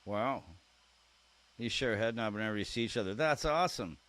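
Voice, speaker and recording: A man's voice: on the low side, lively intonation, a little fast, fairly bright tone. A man hosting a live stream, chatting casually and reading viewer comments aloud in a friendly, joking way. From Canada.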